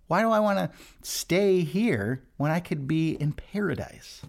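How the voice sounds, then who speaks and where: A worship leader with a slightly high, gravelly voice hosts a devotional podcast, speaking a little slowly and expressively. His manner is earnest and chatty, and he often restarts what he's saying.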